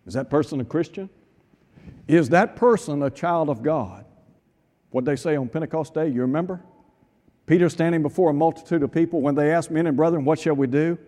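A man delivering a radio sermon in a fairly high voice. He preaches emphatically and keeps pressing his listeners with rhetorical questions. His voice rings with a long reverb, as if spoken in a big hall. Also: brisk, long pauses, dark tone.

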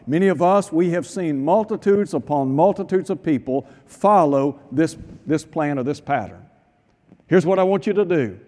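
A man preaching a sermon, firing emphatic rhetorical questions and dropping to hushed tones for weight. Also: fairly high pitch, expressive, normal speed. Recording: long hall reverb.

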